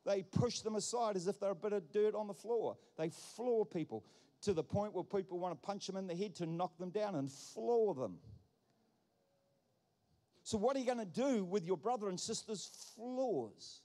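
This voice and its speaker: A man pastor speaks at a moderate pace in a high-pitched, dark-toned, animated voice. In a church hall full of long reverb, he preaches emphatically, repeating himself and developing points through wordplay.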